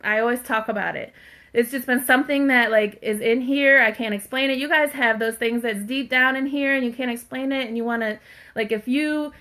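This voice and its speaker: Fairly quick and a bit bright, with a pitch on the high side, this woman speaks to her live-stream audience from home. She reads their comments aloud in a chatty, heartfelt way, saying "like" and "you guys" a lot.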